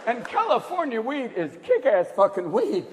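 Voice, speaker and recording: A man doing stand-up comedy, crude and animated, with a high voice that jumps around a lot. The recording carries the long echo of a live hall. A loud crowd and room noise sit behind him. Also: moderate pace.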